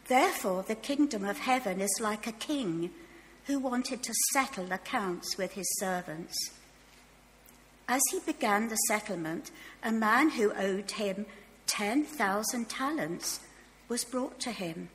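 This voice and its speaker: A woman reading scripture aloud slowly and carefully in church, with a tickly throat she keeps clearing. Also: medium pitch, expressive, a little hiss or hum. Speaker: Bible reader. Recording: long reverb of a church hall.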